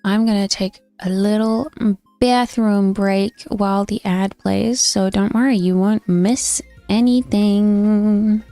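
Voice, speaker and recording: A woman's voice: mid-range voice, steady tone, slow pace, dark tone, dry recording, soft background music. Chatty young woman streamer, dry close sound. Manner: chatty, friendly, often reads game dialogue aloud. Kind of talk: casual chat on a cosy gaming stream.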